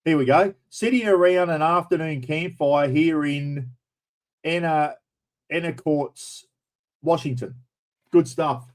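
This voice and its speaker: A man's voice: on the high side, slow, poor audio. An Australian man hosting a livestream in casual chat, blunt and chatty, with mild swearing as he greets viewers by name. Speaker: livestream host.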